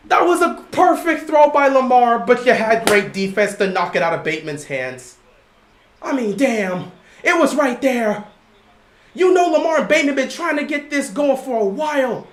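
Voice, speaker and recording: Animated man streaming live game commentary. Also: very high-pitched, normal speed. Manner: animated, lectures the chat directly. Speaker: livestream host. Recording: roomy echo.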